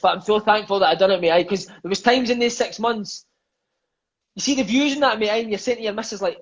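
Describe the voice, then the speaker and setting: Scottish man, 30s, raised-pitch chatty storyteller, swears a lot, lo-fi dull audio. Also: husky. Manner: swears freely, fills lines with "mate" and "aye", quick enthusiastic storyteller. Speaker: podcast guest. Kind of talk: casual storytelling chat.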